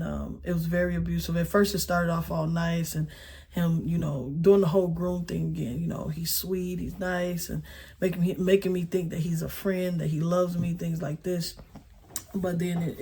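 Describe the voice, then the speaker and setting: Halting woman in her thirties, flat delivery. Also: fairly low pitch, a little hiss or hum. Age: 30s. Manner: halting, hesitant, full of pauses and fillers. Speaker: speaker sharing a personal testimony. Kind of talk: personal testimony.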